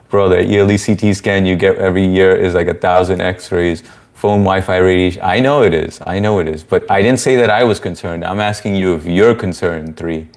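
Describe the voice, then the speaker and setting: A man's voice: deep voice, fairly even intonation, normal speed, darkish tone. A young man hosting a casual live-stream Q&A, chatting loosely and reading viewer comments aloud. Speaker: livestream host answering chat.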